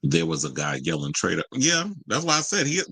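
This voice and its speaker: A man hosts a casual commentary show and reads out viewer comments with sass and strong opinions. His voice sits low, has a bright, forceful edge and some husky grain. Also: brisk, dry recording, rough recording. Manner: animated, sassy, outspoken. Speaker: host.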